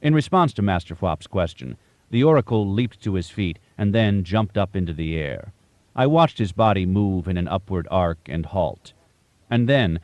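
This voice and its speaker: A man narrating a first-person audiobook in a measured, storytelling way. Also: sits low, darkish tone, dry recording.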